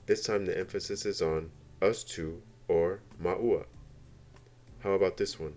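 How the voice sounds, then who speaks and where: Man, very low voice, slow careful lesson narration, faint music behind. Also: fairly even intonation, a little mellow. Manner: slow, careful explaining with example phrases. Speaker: language teacher. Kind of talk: scripted narration.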